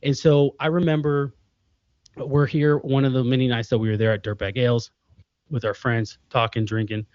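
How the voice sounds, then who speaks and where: A man's voice: medium pitch, normal speed, no echo. A man in his thirties, a father and podcast guest, telling stories in casual conversation and acting out the people he quotes. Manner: animated storytelling, acts out quoted voices. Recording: muffled lo-fi call audio.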